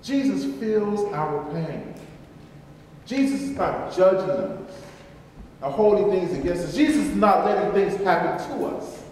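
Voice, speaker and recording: Emphatic preacher in an echoey church. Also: male voice, sits high, animated, measured pace, darkish tone, slight background noise. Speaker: pastor. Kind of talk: sermon. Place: large church. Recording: echoey church hall from far off.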